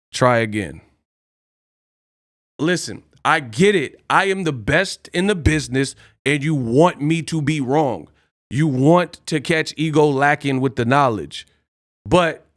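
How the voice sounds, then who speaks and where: A man's voice: medium pitch, dry recording, clean studio sound. Boastful man ranting on a live stream. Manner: boastful, combative, repeats taunts at chat. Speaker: boxing live stream host. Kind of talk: heated live stream rant.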